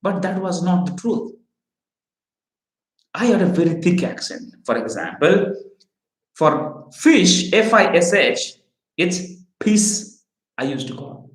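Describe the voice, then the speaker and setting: Heard in a reverberant, low-quality recording, this man's high, expressive voice runs a little slow, with long pauses. He is middle-aged, from Odisha, India, and a native Odia speaker whose Indian English leans American. On his live recruiting training stream, he talks with energy and keeps asking viewers rhetorical questions.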